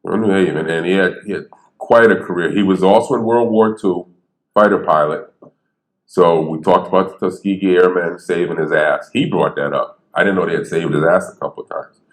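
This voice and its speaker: A man who stutters, telling stories on stage in a lively, conversational way and acting out the people he quotes. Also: low voice, a little fast. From Bridgeport, Connecticut. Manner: animated, conversational, acts out quotes. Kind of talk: storytelling talk. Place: theater stage. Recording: echoey theater.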